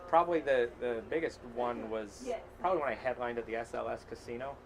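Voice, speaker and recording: A man in his forties from Utah, a stand-up comedian chatting casually as an interview guest, telling quick jokes and anecdotes. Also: mid-range voice, gravelly, a crowd in the background, rough recording. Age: 40s.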